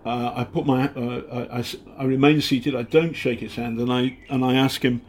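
A British investigative journalist telling stories in a casual interview, halting often and acting out the people he quotes. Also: medium pitch, flat delivery, darkish tone. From Britain. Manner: halting, many fillers and restarts, acts out quotes.

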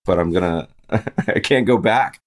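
Upbeat low-voiced American podcast host. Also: male voice, measured pace. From United States. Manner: upbeat, chatty, joking. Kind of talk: casual interview chat and read ad.

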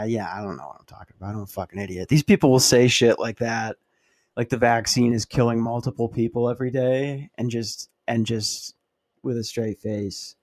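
A man hosting a podcast, telling a rambling, profane, self-mocking story in a casual monologue. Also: mid-range voice. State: dry mouth. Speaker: podcast host.

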